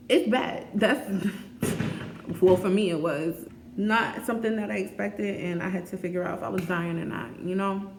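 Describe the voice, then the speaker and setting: Chatty woman vlogger, lowish voice, faint room ambience. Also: normal speed, reverberant, slight background noise. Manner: frank, chatty, laughs often. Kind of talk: candid casual vlog talk.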